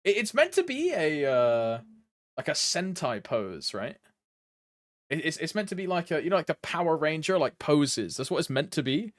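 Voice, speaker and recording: Slangy streamer with a lively, animated voice. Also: male voice, fairly high pitch, normal speed, no room sound. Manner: loose, slangy, laughs often, trails off. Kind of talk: casual live stream commentary.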